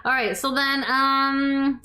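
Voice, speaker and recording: A woman's voice: sits high, level tone, takes it slowly, over a noisy crowd. Young woman for a casual review chat: a dry, sarcastic co-host who swears and fills gaps with ums.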